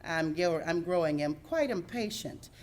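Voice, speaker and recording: A woman's voice: on the low side, lively intonation, a little slow. A woman voicing a bold young female dog, sassy and demanding. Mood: threatening.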